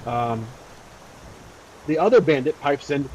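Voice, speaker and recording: Man, solo tabletop game narration, casual, rambling, mid pitch, faint rain behind. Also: moderate pace, a little mellow, muffled recording, slight background noise. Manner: rambling, casual, many fillers. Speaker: solo tabletop role-player.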